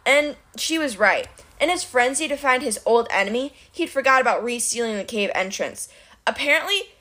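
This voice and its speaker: A woman reads a novel aloud in animated storybook narration. Her delivery is wry, and her voice sits fairly high. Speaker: reader of a novel.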